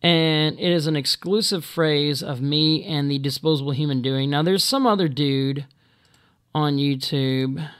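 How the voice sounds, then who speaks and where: Hesitant man with a smooth, higher voice. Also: fairly bright tone. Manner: halting, full of ums and restarts; exasperated, blunt. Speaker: video blogger. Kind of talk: casual monologue.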